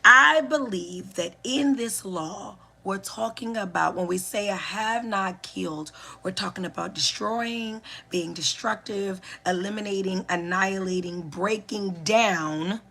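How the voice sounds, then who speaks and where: A woman teaching as a spiritual educator and healer, speaking deliberately and repeating key phrases for emphasis. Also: mid-range voice, gravelly, bright, forceful tone. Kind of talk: reflective spiritual teaching monologue.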